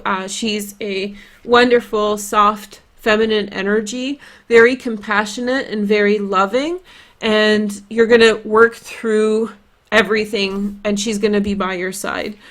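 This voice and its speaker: A woman with a Polish accent giving a casual, chatty tarot reading, rambling with lots of "like" and "you know". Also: mid-range voice. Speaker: tarot reader.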